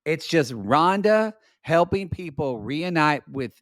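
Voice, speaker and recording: Excitable male podcast co-host. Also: fairly high pitch, no echo, studio quality. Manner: enthusiastic, quick banter. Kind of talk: casual chat recapping a reality show.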